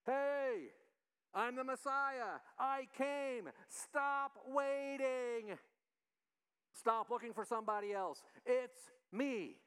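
An impassioned teacher pleads with his followers in a high, raised voice, as a man acts him out, stretching the words out slowly. The tone is urgent and insistent. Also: a bit bright, clear, resonant tone, in a large hall, exaggerated voice. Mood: urgent pleading.

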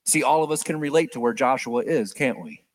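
A man preaching a sermon in an animated way, acting out the prayers he quotes with big swings in pitch and volume. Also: fairly quick, a little hiss or hum.

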